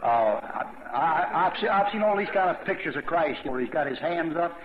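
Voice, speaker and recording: A man's voice: a little high, animated, moderate pace. A man preaching a verse-by-verse Bible sermon in a conversational, rambling way, with asides and questions to his listeners. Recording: dull lo-fi recording in an echoey hall.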